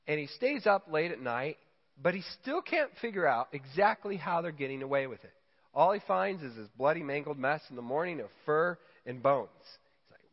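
A man's voice: on the high side, moderate pace. Man preaching a sermon in a big hall. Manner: storytelling, animated quoting. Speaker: pastor. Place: church hall. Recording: dull sound in a reverberant church hall.

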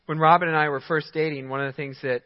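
A man's voice: on the high side, fairly even intonation, fast. A man preaching a sermon as pastor, emphatic, giving short commands and chuckling at his own points. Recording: dull sound in a large hall with long reverb.

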